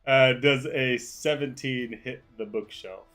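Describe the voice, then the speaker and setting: A man's voice: medium pitch, unhurried, a bit bright, faint music behind. A man playing a tabletop game, calling out his rolls and damage. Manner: calls out dice rolls and damage. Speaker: player.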